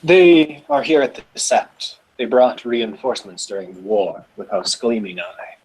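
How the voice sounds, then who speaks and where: A stern female werewolf elder, as a man puts her on in a tabletop game. Her husky voice is clipped and firm. She speaks with the easy authority of someone used to being obeyed. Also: lowish voice, expressive, a little slow, low-quality recording. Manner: curt and firm.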